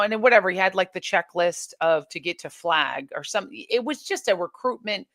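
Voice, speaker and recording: A woman guest in an interview, recounting her experiences in an animated way, often restarting sentences and acting out what others said. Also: mid-range voice, fairly quick, no echo, studio quality. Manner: animated retelling, many restarts, acts out quoted exchanges. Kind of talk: candid interview storytelling.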